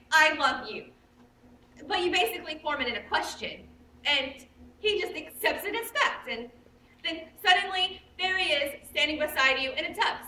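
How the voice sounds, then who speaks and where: A woman's voice: high voice, bright, forceful tone, a little hiss or hum. A young woman playing a gushing theatre fan. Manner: chatty, confiding asides to the audience. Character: gushing male musical-theatre fan narrating. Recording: echoey stage audio from far off.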